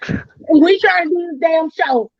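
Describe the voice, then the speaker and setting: A high-voiced woman hosts a casual podcast chat and tells a story with lots of acted-out quotes and swearing. The sound is dry and a bit dull, like a lo-fi home setup. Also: unhurried, vocal fry, no room sound. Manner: animated storytelling, acts out quotes, swears freely. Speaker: podcast host.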